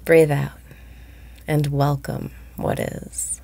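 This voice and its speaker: A woman guiding a meditation, speaking slowly and softly, often breathy and whispered. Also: low voice, level tone. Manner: slow, soft-spoken, often breathy and whispered. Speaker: meditation guide. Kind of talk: guided meditation.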